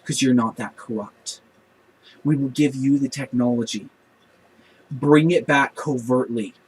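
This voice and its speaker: A man with a husky voice acting out an impassioned woman starship engineer making an urgent, earnest appeal. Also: medium pitch, a little slow, a little mellow, low-quality recording. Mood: insistent.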